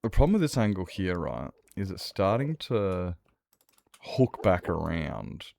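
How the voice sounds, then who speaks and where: A man's voice: deep voice, wildly swooping pitch, a little slow, gravelly, a little mellow. A man chatting casually while streaming a game, rambling and repeating himself, swearing freely. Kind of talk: casual gameplay stream chat.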